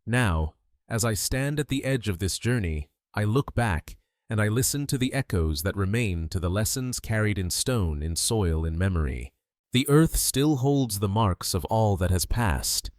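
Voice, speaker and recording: Male sleep-documentary narrator, low, dry close sound, calm and measured. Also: dry recording.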